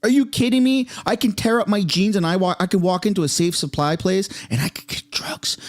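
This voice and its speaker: Excitable man reacting live, voice swooping. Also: a little high. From Canada. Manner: excitable, exclaiming and swearing. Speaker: streamer reacting to political clips.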